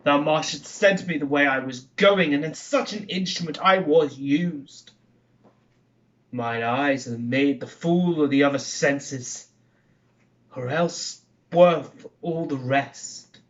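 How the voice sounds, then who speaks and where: A man performing a brooding Scottish murderer-king on the edge of a killing, his Scottish accent in every line. He sinks to whispers and then rises to declaim, at a slow, weighty pace in a slightly high register. The recording sounds dull and lo-fi. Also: distant mic. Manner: swings between hushed whispers and raised declaiming. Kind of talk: theatrical Shakespeare monologue.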